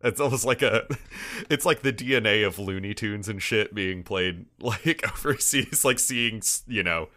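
A man with a fairly low voice and a bright, forceful edge talks in a loose, rambling way. He laughs often and swears freely while chatting casually as a podcast co-host. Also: measured pace. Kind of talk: casual chat reviewing an anime episode.

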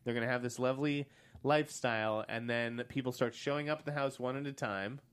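A man co-hosting a podcast, chatting casually about movie news, blunt and quick to swear and laugh. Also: medium pitch, a bit bright, clean tone. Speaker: podcast co-host.

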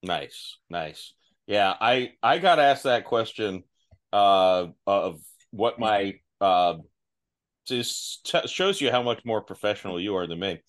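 A man's voice: on the low side, expressive, takes it slowly. A man hosting a podcast, talking casually and self-deprecatingly, often restarting his sentences. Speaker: podcast host. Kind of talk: casual chat.

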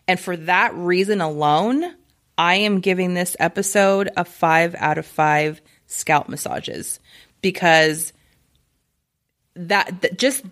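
Woman podcast co-host, lowish voice, eager, halting with ums. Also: fairly bright tone. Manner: enthusiastic, halting with ums and restarts. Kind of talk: casual podcast chat.

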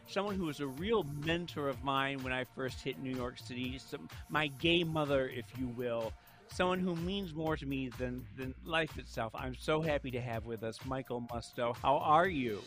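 A man hosting a casual interview chat, animated and laughing often. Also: mid-range voice, moderate pace, soft background music. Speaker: host.

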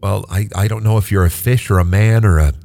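A man narrating as game master of a tabletop game, talking in a lively way with many fillers and restarts. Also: on the low side, fairly quick, vocal fry.

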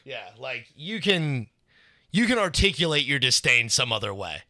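A man's voice: medium pitch, expressive, moderate pace, sharp tone, dry recording, clean studio sound. A young man co-hosting a podcast, telling stories in a laid-back, profane way and acting out the quotes. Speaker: podcast co-host. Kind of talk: casual storytelling chat. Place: studio.

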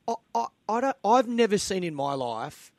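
A man's voice: high voice, very animated, normal speed, no echo. An Australian man co-hosting sports radio, chatting casually and enthusiastically and laughing easily. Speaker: radio co-host. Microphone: studio mic.

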